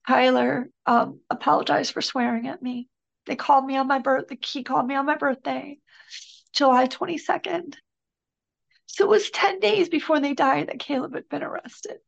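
A middle-aged woman, a podcast guest, recounting a personal story in an earnest, halting, emotional way. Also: high voice, gravelly, muffled recording.

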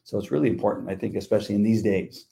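A man's voice: on the low side, racing, creaky, warm tone. A middle-aged man co-hosting a podcast, chatting casually and acting out quotes as he tells stories. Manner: laid-back storyteller, acts out quotes. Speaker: podcast co-host. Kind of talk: casual chat.

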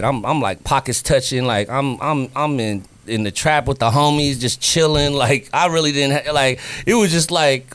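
A man from Northern California with a local accent, telling a story as a podcast guest, slangy and animated, acting out the quotes. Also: medium pitch, clear, resonant tone. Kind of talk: casual storytelling.

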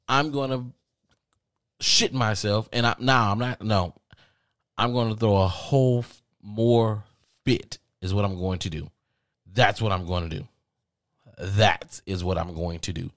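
A man's voice: on the low side, no room sound, clean studio sound. A man from the American South with a Southern accent, telling a comic story and acting out the other people on a phone call. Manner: animated, acts out both sides of a phone call in quick voices. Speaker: podcast host. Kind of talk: comedic storytelling.

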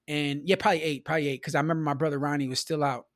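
A man's voice: a little high, fairly even intonation, racing, no room sound, studio quality. Man from the Midwest, casual storyteller. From Milwaukee, US Midwest. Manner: loose and conversational, peppers talk with "you know", "man" and "bro". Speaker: podcast guest.

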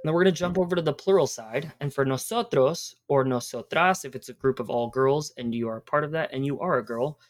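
A woman's voice: very deep voice, quick pace, hardly any pauses. A woman hosting a podcast, teaching Spanish verb endings in a casual, encouraging way and spelling out words.

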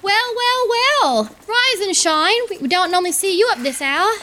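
A woman's voice: very high-pitched, animated, normal speed, slight background noise, voice pushed up, exaggerated voice. A woman playing a cheery motherly cook. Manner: warm, fond, calls people love and darling. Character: cheery rich-voiced older woman cook.

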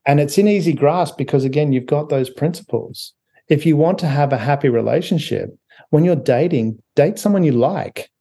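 A man's voice: on the high side, normal speed, gravelly, warm tone, breathy edge. A man speaking as an author guest on a podcast, chatty, often laughing and restarting his sentences. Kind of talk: casual interview talk.

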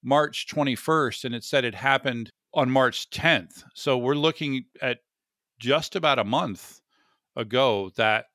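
An American man hosts a loose tech talk, rambling and poking fun at himself. His voice is bright and forward. The recording is dry and close. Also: mid-range voice, a little slow, dry recording. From United States. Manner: rambling, self-mocking, repeats words. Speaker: podcast host. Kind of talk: casual tech chat.

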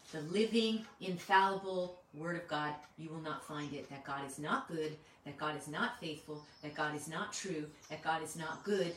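A woman's voice: fairly low pitch, a little hiss or hum. A woman giving an earnest, conversational sermon, asking her listeners one rhetorical question after another. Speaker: Bible teacher. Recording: echoey room, mic at a distance.

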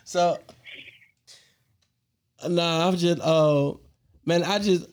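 A man's voice: a little high, very slow, clear, resonant tone. Laughing man telling stories. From Georgia, US. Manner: animated, laughs often, slangy and profane. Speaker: podcast host. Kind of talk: casual storytelling.

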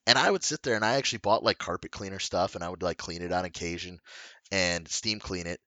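Guy rambling thru a story, swears a lot, bright forceful voice, lowish, dry close mic. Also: quick pace, no echo. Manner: rambling, profane storytelling with many fillers. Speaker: podcast co-host telling a story. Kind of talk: casual chat.

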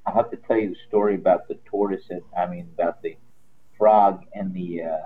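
A man's voice: low-pitched, fairly even intonation, brisk, a little hiss or hum. A man co-hosting a casual sports talk show, telling folksy stories and homespun sayings. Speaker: co-host. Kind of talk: casual sports radio chat. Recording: tinny phone-line sound.

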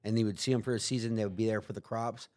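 A man's voice: fairly low pitch, steady tone, rapid-fire, darkish tone, dry recording, studio quality. A man guest on a podcast, telling a story in casual chat, swearing freely and acting out what other people said. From United States. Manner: profane, acts out other people's lines in quotes.

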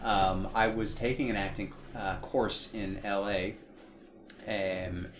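Man, American accent, thirties, low voice, casual storyteller. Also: steady tone, takes it slowly, slight background noise. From United States. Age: 30s. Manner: storytelling, joking. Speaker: host asking the cast questions. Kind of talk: casual group chat.

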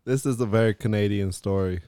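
Low, mellow-voiced man asking short questions. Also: brisk, clean tone, no room sound, clean studio sound. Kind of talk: casual chat.

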